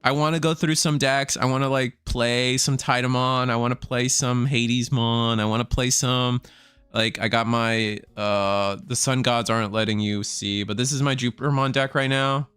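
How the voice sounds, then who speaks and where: Casual rambling male streamer, smooth dry voice. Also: medium pitch, steady tone, normal speed, a bit bright, no echo. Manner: rambling, casual, swears freely. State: tired, burnt out. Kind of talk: casual live-stream chat.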